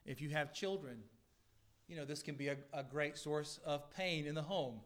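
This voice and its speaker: A middle-aged man preaches a sermon in a church sanctuary. His voice sits a little high and swells into loud, earnest peaks before falling back, with dry asides to the congregation. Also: moderate pace. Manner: earnest preaching with sudden rises in pitch and volume, dry asides. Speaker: pastor.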